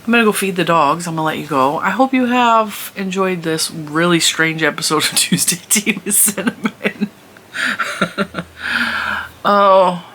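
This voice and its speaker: A woman's voice: on the low side, moderate pace, hardly any pauses, a bit bright, a little hiss or hum. A woman, hosting a crochet vlog and chatting on in a rambling way at home, laughing often. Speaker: crochet channel host. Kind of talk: casual chat to camera. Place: home room.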